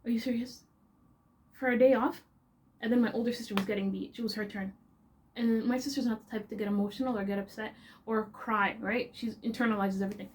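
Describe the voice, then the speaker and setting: A young woman with a Canadian accent, telling stories in a casual, animated, chatty way as a vlogger. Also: medium pitch, fast talker, slight background noise. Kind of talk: casual storytelling.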